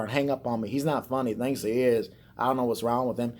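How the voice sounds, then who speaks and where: A man's voice: medium pitch, fairly even intonation, normal speed, darkish tone. Guy ranting on his vlog, sarcastic and sweary, rambles all over. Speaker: vlogger. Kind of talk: rambling satirical rant.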